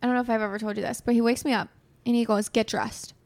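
A young adult woman hosting a casual chat, telling stories in an animated way and swearing freely. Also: a little high, racing. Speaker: host.

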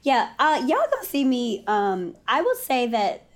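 Animated, laughing woman guest. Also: high voice, a little slow. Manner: animated, laughs often, dramatic. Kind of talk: casual chat.

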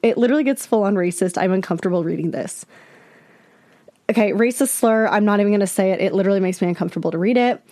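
A woman's voice: medium pitch, fast, mellow, dry recording. A woman hosting a podcast, talking candidly and with exasperation straight to her listeners. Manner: candid, exasperated, addresses listeners as "you guys". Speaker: podcast host. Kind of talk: casual podcast commentary.

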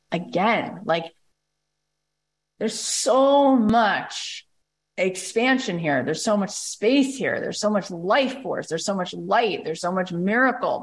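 A woman's voice: deep voice, creaky. A woman hosting a motivational podcast, enthusiastic and emphatic, stacking repeated phrases and spiritual self-help talk in rhythmic runs. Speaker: podcast host.

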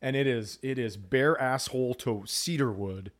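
Male podcast co-host, average pitch, crude teasing banter, relaxed and conversational. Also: moderate pace. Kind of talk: casual comedic chat.

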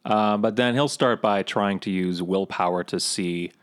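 A man's voice: fairly low pitch, unhurried, smooth. A man casually declaring his character's actions as a player in a tabletop game.

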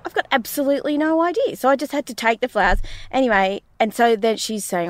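A woman, co-hosting a casual podcast and telling stories in an animated way, acting out what people said. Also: on the high side, fast talker, no room sound. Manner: animated storyteller, acts out quotes. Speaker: podcast co-host. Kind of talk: casual chat.

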